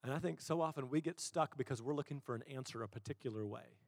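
A man preaching a sermon as a pastor, telling stories in an animated way and acting out the quotes. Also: mid-range voice, quick pace, creaky, dry recording, studio quality, in a large hall. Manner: animated storytelling, acts out quotes.

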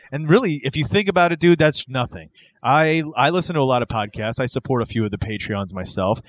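A man co-hosting a podcast, reading a club-membership pitch in a mock-grand announcer voice, then chatting casually and rambling. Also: no room sound. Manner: playful, hammy announcer delivery when reading, loose and rambling when chatting. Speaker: podcast co-host.

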